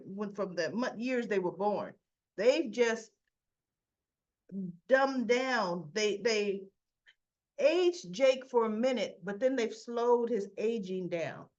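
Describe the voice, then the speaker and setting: A woman's voice: fairly high pitch, lo-fi sound. A woman hosting a casual soap opera recap, chatty, acting out the characters' lines and adding asides.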